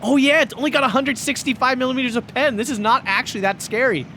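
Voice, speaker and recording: A man casting a strategy game tournament match, excitable, laughing often and shouting at big plays, a little hoarse from talking. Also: extremely high pitch, fast talker, a little hiss or hum. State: losing his voice. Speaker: tournament caster.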